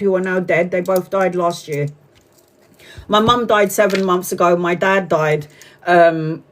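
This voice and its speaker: A woman in her forties hosts a live tarot reading in a plain, mid-pitched voice. She talks straight to her viewers, bluntly and emphatically, and drops curse words without hesitation. Her delivery is casual and unscripted. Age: 40s. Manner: blunt and emphatic, swears freely. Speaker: tarot reader.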